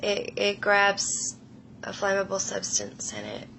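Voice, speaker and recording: A woman in her thirties retelling a frightening personal experience in a slow, emotional, hushed way, often dropping her voice low. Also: very animated, vocal fry, a little hiss or hum, low-quality recording. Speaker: storyteller. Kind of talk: personal paranormal story.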